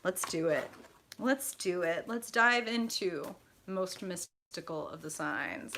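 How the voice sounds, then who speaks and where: A woman's voice: lowish voice, unhurried, a bit bright, slight background noise. A woman hosting a live tarot reading, effusive and profane, chatting directly to her viewers.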